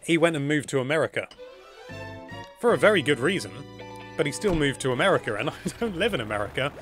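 A British man hosting a live gameplay stream, chatting in an excitable, gushing way as he tours an island. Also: on the high side, quick pace, soft background music. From Britain. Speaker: livestream host.

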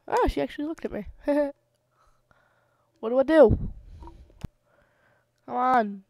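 A young woman talks her way through a video game in a slow, unhurried drawl, pitched a little high. She mutters to herself and slips into playful sing-song bits. The mic sits close in a dry room with no echo. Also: fairly even intonation, dark tone. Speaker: gamer. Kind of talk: casual let's play commentary.

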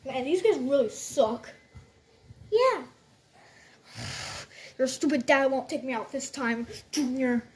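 A high-pitched woman voicing a whole cast of toys in playful role-play. She talks in a slow, unhurried rhythm, full of excitable outbursts and shooting noises. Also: slightly rough. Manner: bouncy, excitable, frequent sound effects. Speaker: toy video creator voicing every character.

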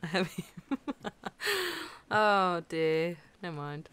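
A woman with a British accent, chatting casually while playing a game, giggling often and breaking into quick exclamations. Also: lowish voice, a bit bright, smooth. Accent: British English. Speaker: let's play co-host. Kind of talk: casual gaming chat.

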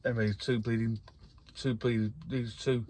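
A man's voice: medium pitch, little pitch movement, moderate pace, a little mellow, breathy edge. A man, talking casually and rambling in a vlog from his camper van, swearing a lot and getting worked up. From North West England. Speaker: vlogger.

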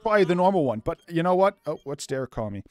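This young YouTuber talks very fast in a high-ish, slightly mellow voice with big pitch swings, faint music behind him. He's casually playing a life-sim game for his channel in let's play style, being goofy, calling himself loopy, and cracking jokes to the audience.

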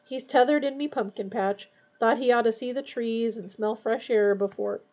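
A woman voicing a large, grieving gamekeeper who speaks in a shaky, halting way. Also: fairly high pitch, a little mellow, lo-fi sound, close to an everyday voice.

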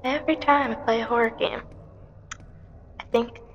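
A woman's voice: on the high side, steady tone, moderate pace, muffled recording. A woman giving nervous, jumpy commentary on a horror game, often dropping to a whisper. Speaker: gaming commentator.

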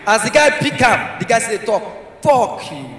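A man with a Nigerian Pidgin accent, doing stand-up comedy, telling a story with loud shouted impressions. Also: very high voice, brisk, background noise. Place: large live comedy hall. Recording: echoey hall from far off.

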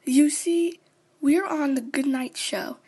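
A woman voicing hushed bedtime-show host Nina. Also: high-pitched, takes it slowly. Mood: explaining. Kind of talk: fan-made cartoon voice acting.

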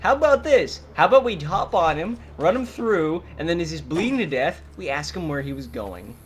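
A man's voice: on the high side, sing-song, moderate pace, husky. A man co-hosting game commentary, riffing sarcastically with absurd jokes. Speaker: co-host. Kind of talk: let's play commentary.

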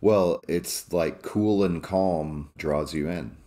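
Very deep-voiced Midwestern man, chatting. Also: dark tone. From American Midwest. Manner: measured, thoughtful, with many fillers. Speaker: podcast co-host. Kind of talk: casual podcast chat.

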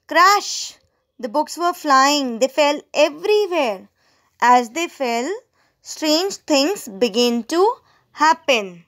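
A woman's voice: high-pitched, lively intonation, takes it slowly. A woman teacher reading a story aloud to students, stopping to explain words and ask them questions. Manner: explains word meanings to students; asks the listeners questions.

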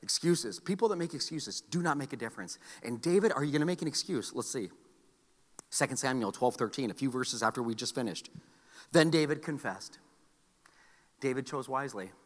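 A male pastor preaching a sermon, animated, with joking asides and repeated phrases. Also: medium pitch, fairly quick, big-room sound. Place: church sanctuary.

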